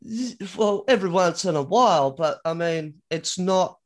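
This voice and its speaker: An Australian man in his thirties hosting a casual podcast chat, relaxed and chuckling as he talks. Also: high-pitched, normal speed. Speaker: podcast host.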